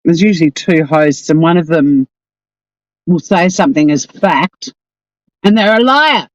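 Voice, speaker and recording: A woman's voice: lowish voice, a little slow, dry recording, lo-fi sound. A woman with an Australian accent, hosting a casual live stream and chatting in a rambling, exasperated way.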